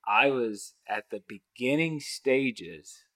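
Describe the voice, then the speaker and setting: A man on a podcast as a guest, chatting casually and telling stories in a playful, animated way. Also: medium pitch, slow pace. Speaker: podcast guest, speaker and coach.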